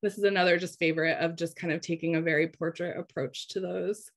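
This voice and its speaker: A woman's voice: lowish voice, fairly even intonation, fast talker. A woman giving a slide-based webinar presentation in a conversational way, often checking in with the audience. She is losing her voice.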